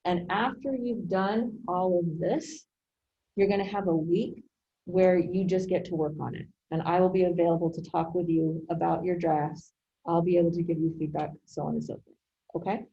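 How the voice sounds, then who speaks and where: A woman's voice: lowish voice, steady tone, normal speed, highs cut off. A woman college writing instructor giving an online class lecture over a video call, talking conversationally and often checking in with "okay?".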